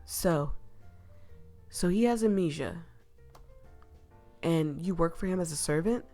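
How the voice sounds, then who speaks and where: A man's voice: on the high side, slow, mellow, soft background music. A woman voicing a hesitant young man who stammers out his questions. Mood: puzzled. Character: flustered young man with amnesia.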